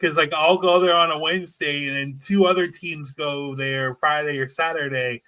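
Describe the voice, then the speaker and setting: A man's voice: fairly high pitch, steady tone, normal speed, sharp tone. A man who is a paranormal investigator, chatting casually and eagerly with lots of filler words. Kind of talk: casual conversation.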